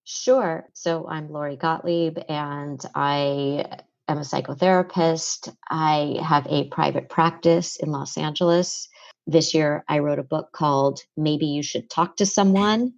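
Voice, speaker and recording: A woman psychotherapist answering interview questions in a measured, matter-of-fact way. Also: low voice, steady tone, gravelly, no echo, highs cut off. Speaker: psychotherapist guest. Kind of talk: podcast interview.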